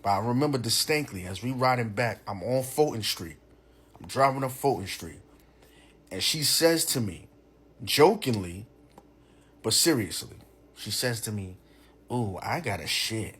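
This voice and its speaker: A young man, telling a profane, animated personal story in a casual way. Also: medium pitch, normal speed, long pauses, slightly rough. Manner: animated, profane, full of "you know what I'm saying".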